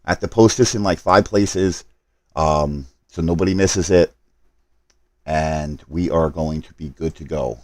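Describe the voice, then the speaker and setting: Very low-voiced man rushing through a stream setup. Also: dry recording. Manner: rushed, apologetic, talking to chat while multitasking. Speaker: gaming live streamer. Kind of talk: casual live stream chat.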